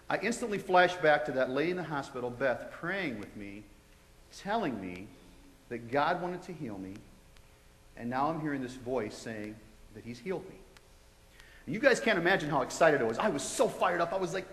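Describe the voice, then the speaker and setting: A man giving a testimony to students, telling it in an animated way and acting out his own reactions. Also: fairly high pitch, moderate pace, long pauses. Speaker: guest speaker sharing a testimony. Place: large college hall. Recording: echoey hall.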